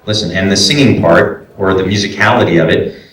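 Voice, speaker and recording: A Brooklyn, New York man runs a voice acting panel at a convention, chatty and explanatory with lots of fillers. He speaks a little fast in a low-pitched, fairly bright voice, recorded from a distance in a large, echoey room.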